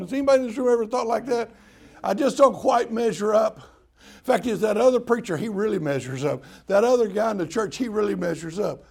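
A man's voice: high-pitched, creaky, a little mellow, slightly rough. An older man preaching a folksy sermon, joking with the congregation and acting out prayers in mock-crying voices. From Southern US. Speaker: pastor.

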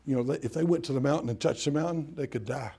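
A man's voice: medium pitch, fast, dark tone, husky. An older man from Tennessee with a Southern accent, preaching a sermon in a folksy, humorous storytelling way.

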